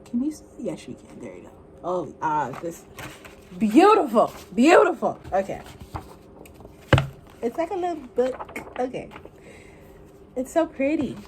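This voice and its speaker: Young woman, high voice, wildly swooping pitch, squeals and gasps, unboxing chatter, faint background hiss. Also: very animated, measured pace, long pauses. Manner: squealing, gasping, fangirl outbursts. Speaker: vlogger unboxing an album. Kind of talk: excited unboxing commentary.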